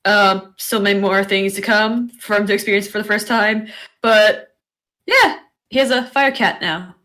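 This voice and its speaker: A woman's voice: medium pitch, steady tone, moderate pace, pushed and bright. A woman player introducing herself in casual chat, hesitant with many uhs.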